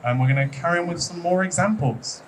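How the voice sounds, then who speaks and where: A British man teaches English pronunciation to a classroom, chatty and playfully teasing, hesitating with frequent ums. He has a fairly high voice and talks fast. The mic is distant and there's background noise.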